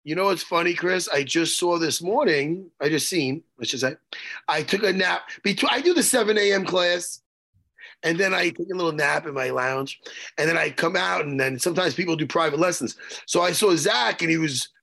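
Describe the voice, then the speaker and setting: High, gravelly, animated man teasing. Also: normal speed. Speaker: co-host. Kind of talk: casual podcast chat.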